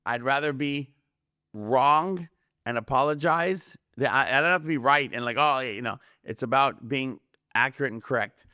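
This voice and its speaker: A man's voice: mid-range voice, normal speed, smooth, no room sound. Rambling man on a dry podcast mic. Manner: rambling, animated, acts out quoted voices. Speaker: podcast guest. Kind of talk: casual conspiracy podcast chat.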